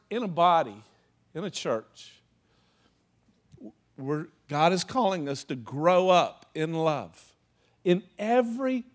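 A man with a fairly high voice preaching to his church in a loose, chatty way. He leans on "you know", acts out little stories with laughter, and keeps the sermon informal. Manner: acts out anecdotes with laughing asides. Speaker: pastor.

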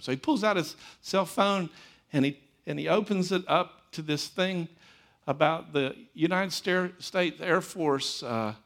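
Man, pastor, sermon, somewhat high voice, loud emphatic peaks, quiet asides, repetitive storytelling. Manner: storytelling, repeats phrases for emphasis.

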